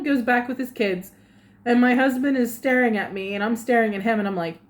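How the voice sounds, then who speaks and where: Woman, casual storytelling vlog, animated, laughs often, slightly high voice. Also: fairly quick. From lives in Japan. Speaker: vlogger.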